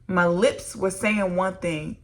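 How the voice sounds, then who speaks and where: Earnest, gravelly-voiced woman minister. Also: lowish voice, steady tone, slow pace. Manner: earnest, emotional, addresses viewers as "y'all". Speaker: licensed minister and vlogger. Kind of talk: candid faith testimony to camera.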